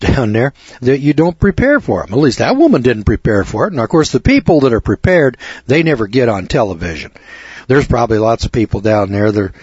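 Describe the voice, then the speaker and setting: A man's voice: on the low side, a little mellow, husky, dry recording. A man hosting a radio talk show, delivering a rambling, preachy monologue that builds to emphatic lecturing. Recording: dull lo-fi dry radio audio.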